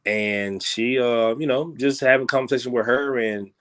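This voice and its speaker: A man talking as a guest musician in a casual interview, rambling loosely and peppering his talk with "you know what I'm saying", growing animated when he makes a point. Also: normal speed. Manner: grows animated and higher when making a point.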